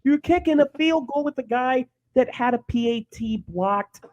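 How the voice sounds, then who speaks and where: A man co-hosting a sports podcast, energetic and mocking, with loud sudden jumps in pitch. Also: moderate pace, slight background noise. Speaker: podcast co-host. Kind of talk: casual chat.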